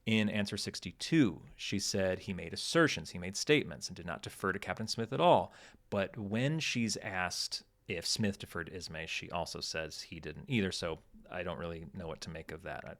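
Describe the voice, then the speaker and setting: A man's voice: deep voice, a bit bright. A man hosting a podcast, talking casually and thinking aloud with frequent restarts. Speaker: podcast host. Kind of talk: casual analytical podcast talk.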